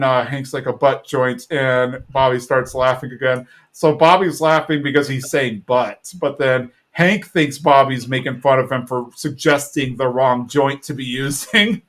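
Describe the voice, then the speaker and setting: A man's voice: mid-range voice, a bit bright. A male podcast host casually retelling an episode, talking loosely with lots of fillers. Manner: chatty retelling full of fillers.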